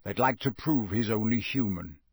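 A man voicing a gruff, blunt old male wizard in an audiobook reading, growling his lines in a husky voice. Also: on the low side, moderate pace, dry recording, clean studio sound.

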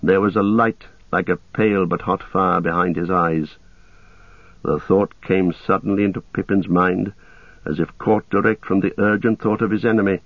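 A man narrating a story in a steady, measured reading voice. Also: sits low, no room sound. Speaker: audiobook narrator. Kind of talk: scripted narration. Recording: tinny phone-like sound, dry.

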